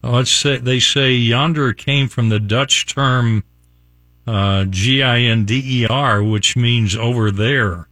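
Speaking at a slow pace, this older radio host from West Virginia has a mid-range, slightly bright voice. He chuckles folksily while reading examples on his casual morning show, and the studio microphone gives a dry recording.

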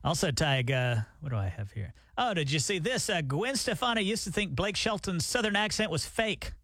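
Chatty high-voiced male show host. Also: big pitch swings, moderate pace, a bit bright, dry recording. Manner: chatty, storytelling. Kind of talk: casual radio chat.

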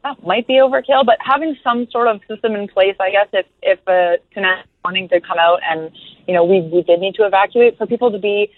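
A woman calling in to a radio talk show, speaking in a measured, thoughtful way. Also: medium pitch, no echo. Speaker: caller. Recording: tinny phone line.

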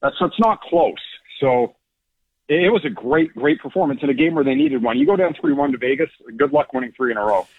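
A man calls in over a phone line as a hockey analytics analyst, thoughtfully explaining stats but restarting hesitantly. His voice is fairly high and husky with vocal fry, his pitch swoops wildly, and he talks briskly; there's no room sound.

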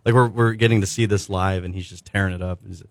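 A man's voice: low voice, steady tone, quick pace, no echo, studio quality. A young man, a musician guest, chatting casually and rambling with laughs in an interview.

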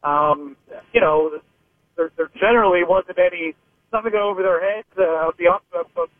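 High-voiced man on a phone line. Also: moderate pace, no echo. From Pittsburgh. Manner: rambling, hesitant, many restarts. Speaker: sports reporter guest. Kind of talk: phone-in sports radio analysis.

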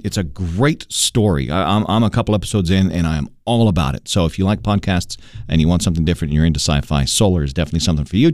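A man hosting a radio morning show, chatty and animated, running call-ins and promos. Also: medium pitch. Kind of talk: upbeat radio banter and promos.

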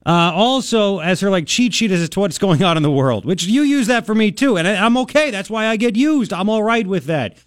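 Male radio host in his thirties, high and lively, sarcastic rant, dry booth. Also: brisk, hardly any pauses, no echo. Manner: animated, sarcastic, mocking impressions. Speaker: radio talk show host. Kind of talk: opinionated talk radio monologue.

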